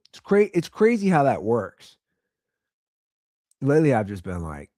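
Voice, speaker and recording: Sarcastic ranting man, lively swings. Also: medium pitch, unhurried, dry recording, clean studio sound. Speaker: podcast host. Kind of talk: comedic solo rant.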